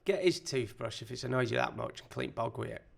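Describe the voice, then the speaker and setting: A man's voice: mid-range voice, a little fast, creaky, background noise. A British man co-hosting a podcast, giving blunt, jokey advice in casual chat. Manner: blunt, jokey, laughing asides.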